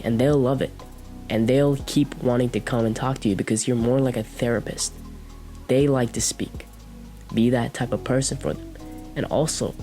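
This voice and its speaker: A young man speaks straight to camera, coaching his viewers on how to talk to people. His voice is mid-pitched and his tone direct. A soft bed of music plays behind him. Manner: direct, coaching tone with demonstrations of speech. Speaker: self-improvement video host.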